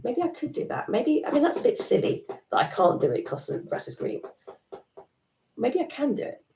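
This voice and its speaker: A woman's voice: fairly low pitch, a little slow, creaky, warm tone, a little hiss or hum. A woman voicing her own doubting inner voice, talking herself out of things in a hesitant mutter. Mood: doubtful. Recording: echoey room, distant mic.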